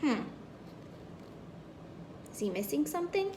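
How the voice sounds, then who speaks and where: A woman's voice: sits high, sing-song, a little slow, background noise. A woman reading a children's story aloud, playfully asking the kids questions as she goes.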